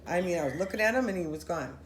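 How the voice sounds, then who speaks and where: Lady with a lowish voice telling a spooky story to friends, really animated, echoey room. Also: racing. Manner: animated, acts out quoted voices, run-on sentences. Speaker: storyteller recounting a paranormal experience. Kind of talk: casual storytelling among friends. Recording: roomy echo with faint noise.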